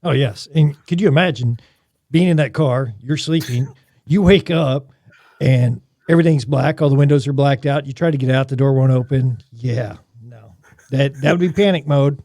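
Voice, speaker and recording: A man's voice: medium pitch, moderate pace, warm tone, dry recording. A man with a mid-range voice co-hosts a podcast and drops wry, joking asides. He is recorded close and dry. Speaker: podcast co-host. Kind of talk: casual chat.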